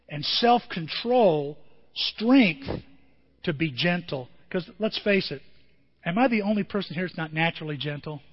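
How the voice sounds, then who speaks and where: A man preaching a sermon as pastor, talking in a conversational, animated way with acted-out quotes. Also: high-pitched. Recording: dull lo-fi with long reverb.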